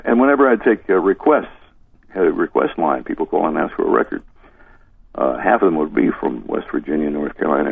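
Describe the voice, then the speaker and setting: With a deep, creaky voice and a breathy edge, an older ex-disc jockey tells stories during an interview about his past, rambling and laughing softly as he goes. The recording is dry, carried over a tinny phone line.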